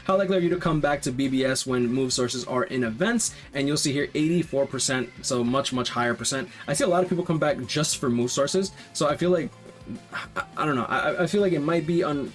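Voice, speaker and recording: A man's voice: mid-range voice, fast talker, faint music behind. A man casually talking through game survey results as a YouTuber, rambling with lots of fillers and restarts. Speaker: gaming YouTuber.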